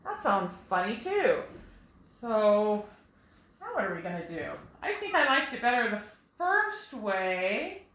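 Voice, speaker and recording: A woman teaching a phonics lesson to first graders, patient and slow, explaining each step to young children. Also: medium pitch, sing-song, fairly bright tone, slight background noise. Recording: echoey room.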